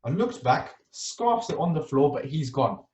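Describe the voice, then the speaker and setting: A man's voice: fairly high pitch, a little slow. A young man telling a story casually on a podcast, acting out the scenes and tagging his lines with "yeah?". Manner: animated, acts out scenes, tags lines with "yeah?". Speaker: podcast co-host. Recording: roomy sound, mic at a distance.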